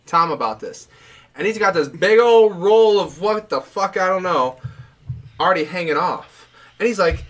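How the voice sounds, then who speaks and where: Bright-voiced man telling a work story. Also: high-pitched, animated, normal speed. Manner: rambling workplace anecdote with swearing. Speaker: podcast co-host. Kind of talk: casual chat, storytelling.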